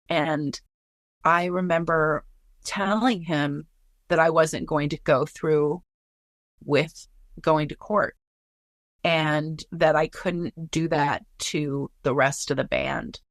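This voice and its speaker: A woman's voice: low voice, fairly even intonation, slow, no room sound, clean studio sound. A woman telling a painful personal story in an earnest, candid way, swearing now and then. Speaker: guest.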